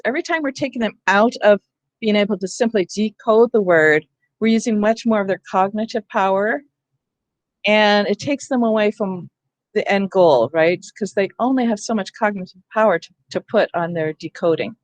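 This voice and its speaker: Woman trainer, mid pitch, conversational explainer, dry close sound. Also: normal speed, no room sound. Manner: explanatory, conversational, checks in with "right?". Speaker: literacy trainer. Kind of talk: teacher training session.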